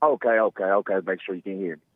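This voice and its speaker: A man's voice: low-pitched, very fast, dry recording. A man calling in to a show, rambling in a slangy, playfully teasing way. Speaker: caller. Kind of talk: casual call-in chat. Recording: tinny phone line.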